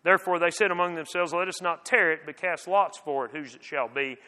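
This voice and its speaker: A man reads scripture aloud with dramatic expression, his high, bright voice swinging widely in pitch. Each phrase hangs in a long hall reverb. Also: a little fast. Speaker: scripture reader.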